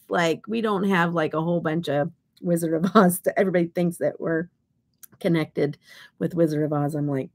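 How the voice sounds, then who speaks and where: A middle-aged woman from Kansas, USA, with a lowish voice at moderate pace, hosts a laid-back makeup livestream. She talks chattily and rambles while swatching, often falling into whispers.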